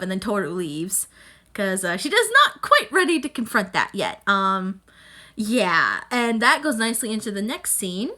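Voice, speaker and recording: A young woman hosting a casual reaction vlog about an anime episode, talking in an excitable, emphatic, rambling way with lots of fillers. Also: on the high side. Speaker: anime reviewer YouTuber.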